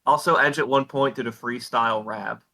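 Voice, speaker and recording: A man co-hosting a podcast, casually recapping a wrestling episode from his notes in a profane, deadpan way. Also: medium pitch, normal speed, creaky. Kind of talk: casual chat.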